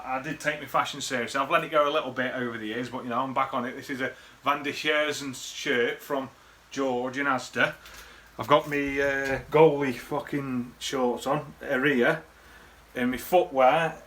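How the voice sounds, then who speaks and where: A man's voice: mid-range voice, fairly even intonation, normal speed, fairly bright tone. A man, rambling through casual, sweary memories in a laddish way to the camera. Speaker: vlogger. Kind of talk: casual reminiscing monologue.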